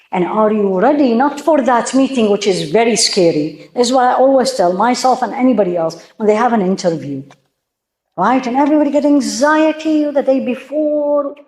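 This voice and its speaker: A woman lecturing on faith to a room of women, speaking at a middle pitch. She presses her points with one rhetorical question after another. The sound rings with the echo of a roomy hall. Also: a little mellow. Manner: emphatic, full of rhetorical questions. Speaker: Islamic teacher. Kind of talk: religious talk to a women's audience. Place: room with a live audience.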